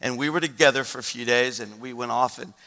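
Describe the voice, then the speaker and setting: A male pastor preaching a sermon, telling a story with animated delivery and acting out the people he quotes. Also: mid-range voice, fast, long reverb tail. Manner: animated storyteller who acts out quoted voices.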